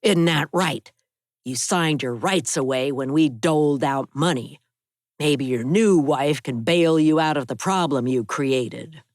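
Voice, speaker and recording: A menacing older man with a gravelly, pushy voice. He presses hard and sounds louder and more forceful than the narration around him. The reading sits in a dry, close space. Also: sits low, a little slow, no room sound. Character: gravelly older male loan shark, menacing.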